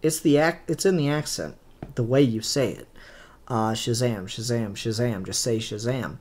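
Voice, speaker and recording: A creepy male inner voice that coaxes in a low, hushed, insistent murmur, as a man puts it on. It lurks in the head and whispers to be let in. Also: moderate pace, lightly acted. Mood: coaxing.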